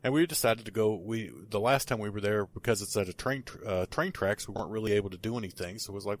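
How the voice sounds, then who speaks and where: A man's voice: fairly low pitch, fast talker, hardly any pauses. A man, a paranormal investigator, telling a story in casual podcast talk, rambling with many restarts and fillers.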